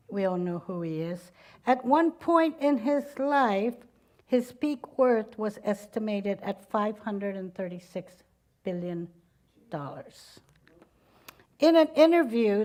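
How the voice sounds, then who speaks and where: A woman's voice: mid-range voice, animated, slow, a little mellow. A woman giving a talk at a spiritual community, telling stories and laughing at her own jokes. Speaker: speaker at a spiritual center.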